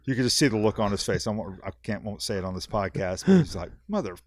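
A man, a fishing guide, telling a long story on a podcast in a rambling, animated way, full of fillers and repeats. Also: on the low side, fast talker, crowd noise. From South Texas. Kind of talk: casual storytelling.

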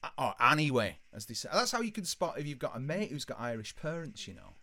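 A man's voice: a little high, very animated, quick pace, fairly bright tone. A man telling a rambling, sweary anecdote on a casual podcast. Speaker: podcast co-host. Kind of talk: casual storytelling chat.

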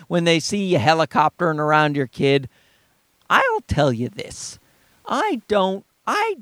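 A man's voice: a bit bright, no room sound. A man in his thirties telling rambling, profane stories in a casual monologue, acting out the people he quotes. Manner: profane, rambling storyteller who acts out quoted people in a high voice.

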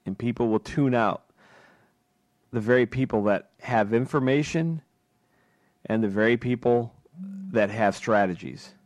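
A man's voice: mid-range voice, unhurried, long pauses, a little mellow, no echo. A man hosting a talk radio show, delivering an impassioned political monologue full of rhetorical questions from a studio microphone.

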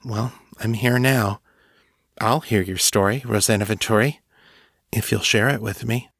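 A man voicing a cheerful young woman telepath who talks briskly and gently coaxes. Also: fairly low pitch, gravelly, slightly rough, no echo, clean studio sound, heavily acted.

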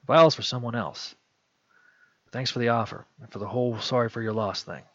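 A man's voice: medium pitch, a little fast, no room sound, natural voice. A man voicing an earnest young male superhero who speaks in a subdued, determined way. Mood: resolute. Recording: dull lo-fi dry recording.

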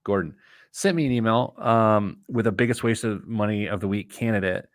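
A man's voice: on the low side, moderate pace, no room sound, studio quality. A middle-aged man hosting a podcast in a casual, playful chat, laughing often. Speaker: podcast host.

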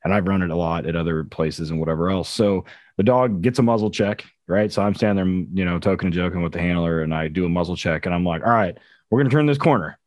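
Man, police dog trainer, rough profane storyteller, lower pitch, dry. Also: fairly even intonation, fast, darkish tone, no room sound. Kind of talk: casual podcast chat.

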